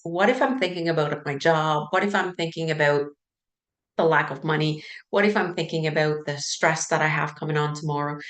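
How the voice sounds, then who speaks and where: In what sounds like a large, echoing room, a woman coaches on sleep in casual teaching talk. Her voice is low and gravelly, and she voices anxious inner thoughts, sprinkling in "like" and "right?" often.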